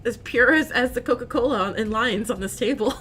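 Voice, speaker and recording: A woman's voice: on the high side, fairly quick, a bit bright, faint music behind. A woman streamer reading a story game aloud and reacting, giggly and laughing often with playful asides.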